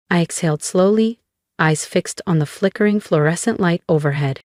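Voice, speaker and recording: A woman narrating a scripted first-person story in a calm, measured way. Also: fairly low pitch, no echo, clean studio sound.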